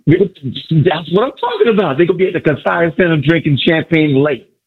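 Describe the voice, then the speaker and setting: A thrilled caller talks in a husky, bouncing voice, looping back to the same lines again and again. He stumbles over names as he rushes ahead. The phone line sounds dull and muffled. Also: on the high side, sing-song. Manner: exuberant, repetitive, stumbling fan. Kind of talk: excited sports radio call-in. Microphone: phone from a car.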